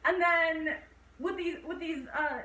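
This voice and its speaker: A woman's voice: very high voice, takes it slowly, bright, forceful tone. A young woman co-hosting a casual horror movie review, retelling scenes and acting out the characters' lines in raised voices. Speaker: co-host reviewing a horror film. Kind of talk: casual chat recapping a movie. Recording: echoey room, voice a bit far from mic.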